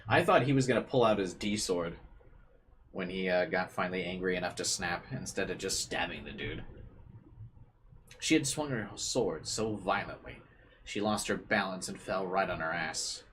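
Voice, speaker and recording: A man's voice: sits low, expressive, normal speed, fairly bright tone, slight background noise. A young man streaming a visual novel, reading its text aloud with casual, joking asides. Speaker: let's play streamer.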